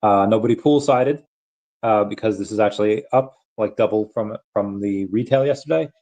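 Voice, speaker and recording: A man hosting a casual crypto livestream, rambling in a relaxed way with many fillers and bouts of hiccups. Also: fairly low pitch, moderate pace. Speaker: crypto channel host.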